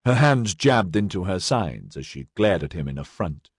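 Husky man narrating a story. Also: low-pitched, very animated, moderate pace, no echo, clean studio sound. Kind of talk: audiobook narration.

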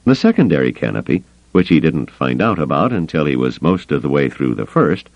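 A man reading an audiobook in a measured, expressive storytelling manner. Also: a bass voice, gravelly, dry recording. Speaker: audiobook narrator. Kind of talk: scripted audiobook narration. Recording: dry, slightly muffled studio recording.

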